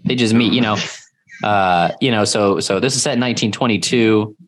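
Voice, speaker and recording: Low-voiced casual male podcast co-host. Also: normal speed. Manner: rambling, filler-heavy, loud bursts when quoting yells. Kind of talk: casual chat.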